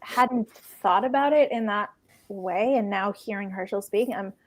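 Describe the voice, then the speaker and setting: A woman speaking as a panelist in a discussion, earnest and halting, often restarting her sentences. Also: mid-range voice.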